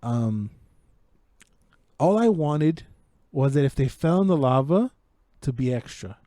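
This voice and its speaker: A man co-hosting a podcast, telling a story in casual, profanity-heavy chat that keeps building in excitement. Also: medium pitch, slow, no echo. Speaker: podcast co-host. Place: home podcast setup.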